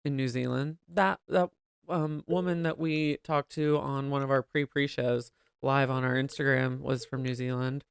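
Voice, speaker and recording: A man's voice: medium pitch, steady tone, unhurried, vocal fry, clean tone, dry recording, studio quality. A man co-hosting a podcast, talking in a campy, playful, theatrical way in casual comedic chat. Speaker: podcast co-host.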